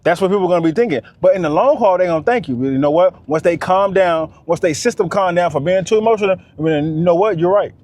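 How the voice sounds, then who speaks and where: Man, high voice, emphatic repetitive rant, casual vlog. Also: quick pace, hardly any pauses, darkish tone. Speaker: vlogger. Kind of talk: casual monologue.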